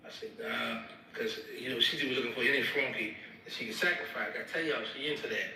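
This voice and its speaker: A man telling a rambling, slangy story in a casual, animated way. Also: mid-range voice, brisk. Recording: echoey with crowd behind.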